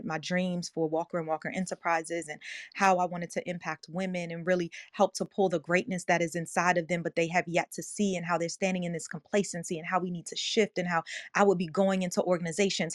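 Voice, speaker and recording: A woman's voice: on the low side, no room sound, studio quality. Earnest woman hosting an audio room. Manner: emotional, earnest storytelling, teary. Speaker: host of an online audio room. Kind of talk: passionate motivational talk.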